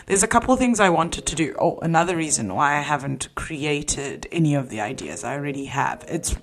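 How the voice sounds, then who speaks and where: A young woman with a low, husky-bottomed voice chats alone on her podcast. She rambles in a relaxed, offhand way, doubling back and correcting herself mid-sentence. Soft music plays faintly behind her. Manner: rambling and chatty, self-interrupting. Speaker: podcast host. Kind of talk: casual solo podcast chat.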